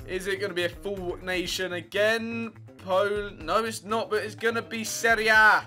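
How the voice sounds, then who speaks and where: A man giving excitable live gameplay commentary, yelping at near misses and swearing. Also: high voice, moderate pace, soft background music. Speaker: gaming channel host.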